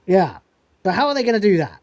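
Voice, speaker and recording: A man's voice: sits high, big pitch swings, fast, a little mellow, no room sound. A man hosting a podcast who recaps a TV episode in casual chat, swearing freely and laughing as he retells scenes. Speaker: podcast host reviewing a TV episode.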